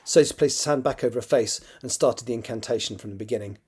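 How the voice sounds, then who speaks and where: A man, the author, reading his own novel draft aloud in a steady storytelling manner and now and then correcting a slip. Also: medium pitch, fast talker, husky. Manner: steady storytelling read with occasional self-corrections.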